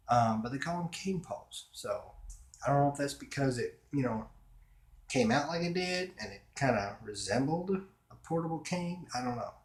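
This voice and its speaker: A man chatting casually in his own room, rambling with fillers and restarts as a vlogger. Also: medium pitch. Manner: meandering, with many fillers and restarts. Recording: roomy echo.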